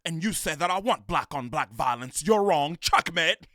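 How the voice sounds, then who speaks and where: A man giving loud, slangy reaction commentary on video clips, laughing and mimicking the people in them. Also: fairly high pitch, animated, moderate pace. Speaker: reaction streamer.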